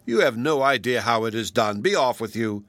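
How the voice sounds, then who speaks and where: A man voicing a grieving, short-tempered male bear in a storybook, low and curt. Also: animated, moderate pace, a bit bright, no room sound. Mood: gruff.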